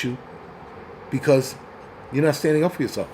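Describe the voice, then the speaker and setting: A man's voice: mid-range voice, moderate pace, darkish tone, slight background noise. A man hosting a crude, angry livestream rant, mocking people as he goes. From New York. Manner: angry, crude, mocks others in put-on voices. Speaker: host.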